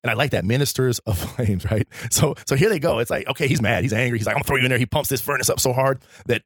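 Male co-host, faith podcast; animated preacher-like storytelling, quick delivery, dry sound. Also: medium pitch, slightly rough, dry recording.

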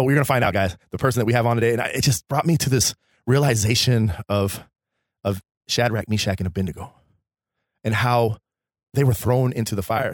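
A man co-hosting a faith podcast, animated and laughing as he retells a Bible story like a preacher. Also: fairly low pitch, no echo, studio quality. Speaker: podcast co-host.

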